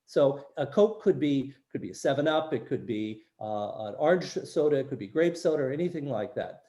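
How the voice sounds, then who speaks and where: Older East Coast man, mellow presenter voice. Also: mid-range voice, animated, moderate pace. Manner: explanatory, checks in with "right?". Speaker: workshop presenter. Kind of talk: teaching international students.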